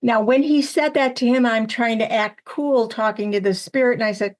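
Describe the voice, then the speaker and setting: A woman's voice: a little high, moderate pace. An older woman, a spiritual medium, telling stories chattily in a casual interview, acting out what people said. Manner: chatty, animated storyteller who acts out quotes. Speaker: guest medium.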